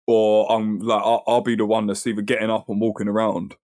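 A man's voice: lowish voice, flat delivery, a little fast, darkish tone. A talkative man co-hosting a casual podcast, fidgety, swearing and laughing a lot. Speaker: podcast co-host. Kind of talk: casual chat. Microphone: desk mic, sometimes moving away.

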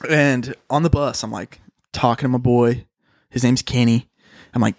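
A man's voice: mid-range voice, a little fast, gravelly, a little mellow, dry recording. A young man with a mid-range voice tells a story in loose, slangy chat. He swears freely and calls his listeners "dude" every few lines. The sound is dry and close. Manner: slangy, swears a lot, says "dude" often.

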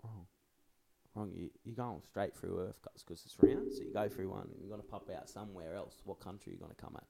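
A man's voice: sits low, steady tone, brisk, creaky, dark tone, a little hiss or hum. A man hosting a podcast and running a trivia quiz in casual chat, teasing and swearing, often laughing.

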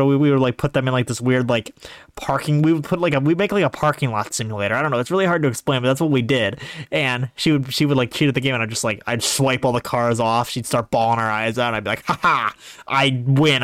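A man's voice: mid-range voice, smooth, no echo, clean studio sound. A man in his twenties from Northeast Ohio, hosting his own podcast and rambling through a casual solo monologue. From Northeast Ohio, USA. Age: 20s. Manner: rambling, animated storytelling. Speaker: podcast host.

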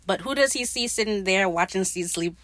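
A woman's voice: medium pitch, fairly quick, fairly bright tone. A woman recapping a TV episode in a casual, profane, gushing way, acting out the characters' lines in her own voice. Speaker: podcast host.

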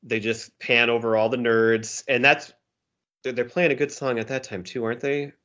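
A man's voice: medium pitch, little pitch movement, normal speed, pushed and bright. A man co-hosting a casual movie discussion, recapping scenes and quoting favorite lines playfully. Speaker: podcast co-host.

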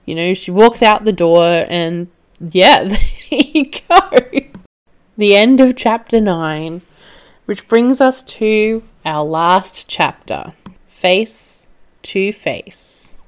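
Woman podcast host retelling a movie, slow and chatty, laughs a lot, smooth clear voice. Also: medium pitch. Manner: chatty, laughs often, swears when excited. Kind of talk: casual film recap.

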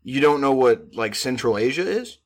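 A man's voice: mid-range voice, lively intonation, moderate pace. Young male co-host, loose rambling delivery, mid-range voice. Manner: rambling, hesitant, lots of "like" and restarts. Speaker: podcast co-host. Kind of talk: casual chat.

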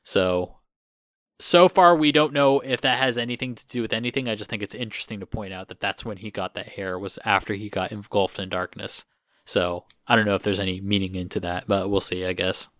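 Casual male podcast host, bright forward tone, rambly, dry close sound. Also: on the low side, fairly quick, no echo. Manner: rambling, many fillers and restarts.

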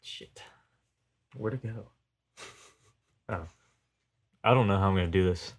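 A young man with a hoarse, sore throat, bantering casually and laughing often while playing a quote-guessing drinking game. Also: deep voice, a little slow.

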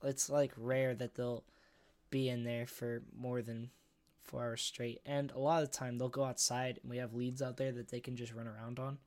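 Young dude rambling on a podcast, swears a lot, says like constantly. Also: male voice, mid-range voice, level tone, moderate pace, a little mellow. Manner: rambling, swearing, lots of fillers. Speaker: podcast co-host. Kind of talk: casual chat.

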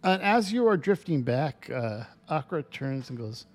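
A man narrating as game master, halting and full of fillers. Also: fairly high pitch, sing-song, soft background music. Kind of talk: narrating and voicing a tabletop game.

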